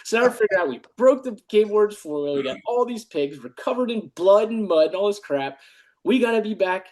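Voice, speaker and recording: A man's voice: sits high, expressive, brisk, darkish tone. A middle-aged man, a retired army dog handler, telling stories on a podcast, swearing freely and laughing often. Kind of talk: casual storytelling chat.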